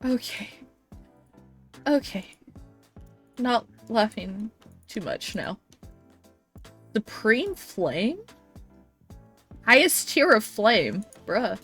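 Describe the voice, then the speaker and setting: A woman's voice: a little high, sing-song, extremely slow, long pauses, fairly bright tone, husky, soft background music. A woman livestreaming a game, chatting casually, giggling often and reading chat messages aloud.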